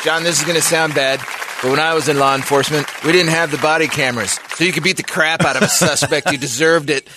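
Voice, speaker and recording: A man's voice: fairly high pitch, fairly even intonation, fast, a crowd in the background, background noise. A middle-aged man co-hosting a radio talk show, joking wryly in casual banter. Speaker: radio co-host.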